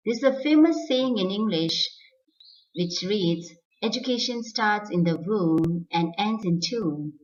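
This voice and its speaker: Slow, careful middle-aged woman teacher. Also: mid-range voice, darkish tone. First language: Tibetan. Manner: slow, careful, repeats words for drill. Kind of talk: pronunciation lesson. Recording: distant, dull lo-fi sound.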